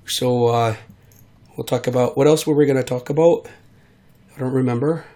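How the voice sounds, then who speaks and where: A man's voice: medium pitch, fairly even intonation, moderate pace, mellow. A man who is sick, rambling in a casual monologue and trailing off with many fillers. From United States. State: sick, voice hard to control. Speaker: vlogger.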